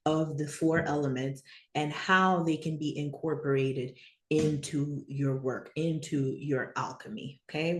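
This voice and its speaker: A woman teaching an informal online lesson, rambling and checking in with "right?" and "okay?", laughing easily and getting animated when she tells stories. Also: low voice. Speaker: spiritual teacher. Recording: echoey room.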